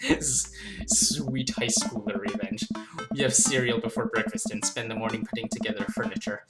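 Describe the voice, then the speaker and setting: A woman's voice: very deep voice, steady tone, moderate pace. A young woman playing a story game, reading the dialogue aloud in a playful, giggly way and commenting between lines. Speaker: let's play host. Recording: game music under voice.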